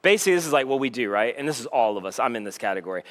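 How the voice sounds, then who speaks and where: A male pastor giving a conversational sermon in a casual, animated way, slipping into acted-out dialogue. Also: mid-range voice, very fast, few pauses.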